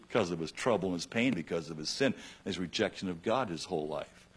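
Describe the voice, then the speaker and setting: A male pastor preaching a radio sermon with passion, swinging between loud emphatic bursts and hushed lines. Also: low voice, animated, fast, slightly rough.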